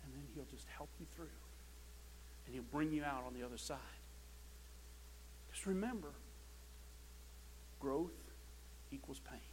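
Male pastor, high voice, impassioned sermon delivery that swings loud to hushed, repeats words when starting a phrase. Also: a little slow, long pauses, slight background noise, rough recording.

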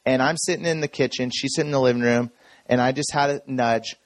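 A man telling a personal story from the stage in a relaxed, conversational way, checking in with the audience as he goes. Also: medium pitch, fast, no room sound. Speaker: speaker. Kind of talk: conference talk.

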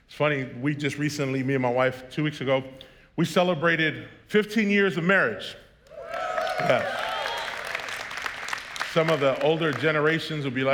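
Joking pastor preaching in a big hall. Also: male voice, a little high, brisk, fairly bright tone, some chatter behind. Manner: storytelling, joking, rising to emphatic preaching. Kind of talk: sermon. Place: church sanctuary. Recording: long hall reverb.

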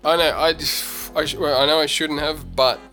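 A man hosting a podcast, chatting casually and playfully, with many pauses. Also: a little high, level tone, bright, forceful tone. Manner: chatty, playful, halting with fillers. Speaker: podcast host. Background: music.

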